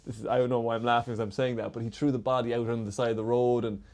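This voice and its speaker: A man's voice: mid-range voice, flat delivery, rapid-fire, darkish tone. A man on a comedy podcast telling a long story in casual chat, rambling and swearing, with lots of filler words.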